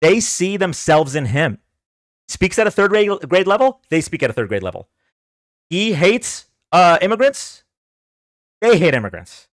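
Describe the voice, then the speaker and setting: A man's voice: sits high, very animated, normal speed, long pauses, no echo. A man hosting a livestream political debate, ranting in a combative, sarcastic way and taunting his viewers to come on and argue. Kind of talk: heated livestream political rant.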